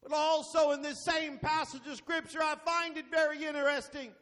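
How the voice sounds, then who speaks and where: A pastor with a high, bright voice preaches a sermon. He fills his lines with "uh" and swings between shouted bursts and hushed stretches. His voice rings in a long church reverb. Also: level tone, normal speed. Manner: frequent "uh" fillers, bursts of shouting then dropping quiet.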